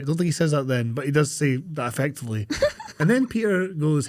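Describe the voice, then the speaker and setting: A man's voice: fairly high pitch, fast talker. A man, co-hosting a podcast, retelling a film scene by scene and acting out the characters' lines. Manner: animated storytelling, acting out lines. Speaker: podcast co-host. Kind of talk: casual chat recapping a film.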